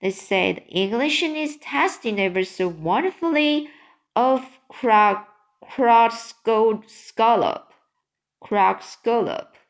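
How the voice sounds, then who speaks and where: Lady doing a big friendly giant, mixes up his words, kinda high and slow, storybook read. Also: expressive. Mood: muddled. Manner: jumbled grammar and invented words. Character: big friendly male giant, kindly and muddled.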